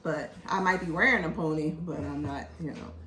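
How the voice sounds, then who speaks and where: A woman from Philadelphia hosting a casual show, talking in an animated, joking, chatty way. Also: low voice, moderate pace, reverberant, a little hiss or hum. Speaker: host. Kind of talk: casual chat.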